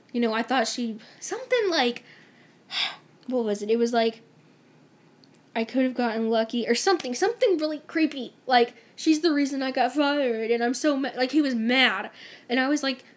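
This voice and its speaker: A young woman with a high-pitched voice tells a story-time vlog to camera. She talks in a chatty, emphatic way and acts out what everyone said. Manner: chatty, emphatic, mimics others in dialogue. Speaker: vlogger.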